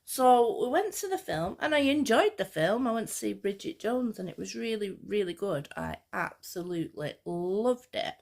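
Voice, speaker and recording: A woman vlogger talking casually, telling a rambling, excitable story. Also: medium pitch, normal speed, vocal fry, few pauses. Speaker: fashion vlogger. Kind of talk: casual chat.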